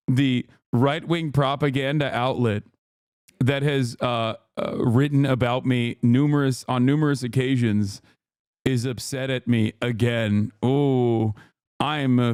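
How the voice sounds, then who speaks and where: Male streamer, sarcastic reaction commentary, rambling restarts, mid-pitched, dry close sound. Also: steady tone, slow, a little mellow, smooth, dry recording. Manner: sarcastic, mock-outraged asides. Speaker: political streamer.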